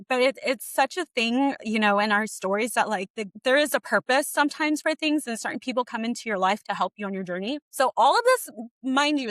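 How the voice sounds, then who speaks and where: A woman co-hosting a podcast, telling a painful personal story in a tearful, fast, rambling way with lots of "like". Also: medium pitch, a bit bright, no room sound. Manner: tearful, fast, says like a lot. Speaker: podcast co-host sharing her story.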